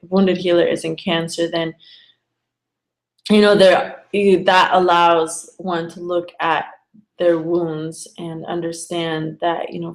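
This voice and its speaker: Woman, lowish voice, casual astrologer reading a chart live, filler-heavy and loose. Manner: chatty, frequent fillers like "you know" and "like". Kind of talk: casual live-stream explanation.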